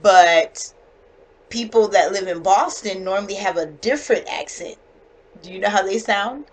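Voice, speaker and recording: A woman with a standard North American accent teaching a one-on-one English lesson over a video call. She explains slowly and clearly, with patience. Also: mid-range voice, rough recording. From United States.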